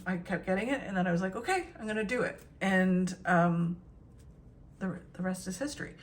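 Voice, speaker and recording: A middle-aged woman reads tarot cards in a loose, chatty way. She is encouraging and full of fillers and restarts, and her voice sits at an ordinary middle pitch. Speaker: tarot reader. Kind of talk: casual spoken tarot reading.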